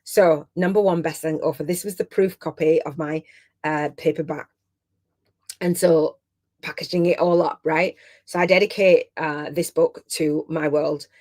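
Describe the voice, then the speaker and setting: Host: middle-aged woman, low-pitched, emotional and chatty coach running a live masterclass. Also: steady tone, moderate pace, a little mellow. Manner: heartfelt and chatty, close to tears.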